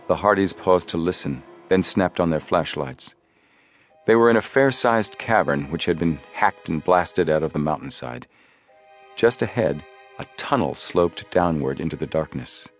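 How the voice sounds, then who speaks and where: A man narrates an audiobook in a deep, low voice with measured, steady storytelling. Faint music sits quietly underneath. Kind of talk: scripted narration.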